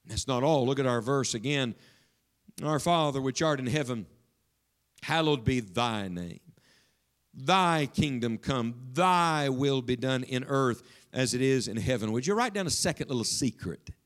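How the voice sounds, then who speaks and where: A man preaching a sermon to his congregation in a church, emphatic and questioning, dropping suddenly to a hush. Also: medium pitch, animated, measured pace. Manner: speaks directly to the congregation with questions. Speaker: pastor.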